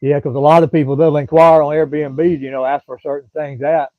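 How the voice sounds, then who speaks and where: Southern man, middle-aged, rambling folksy live-stream host, slightly high voice, dry thin phone-like sound. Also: flat delivery, fairly quick, dry recording. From Florida. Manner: rambling, folksy, drawling, chats to commenters by name. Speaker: livestream host. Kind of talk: casual live-stream chat with viewers.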